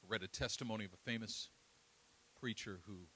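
A middle-aged man preaching a sermon, swinging between loud, soaring passages and quiet, hushed storytelling. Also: lowish voice, a little fast, slight background noise, low-quality recording.

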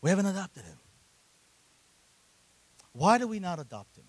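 A middle-aged man, a guest pastor, preaching a sermon and addressing the congregation directly with frequent "right?", rising to shouts at the high points. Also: normal speed, no room sound, rough recording. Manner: animated, rising to shouts at peaks.

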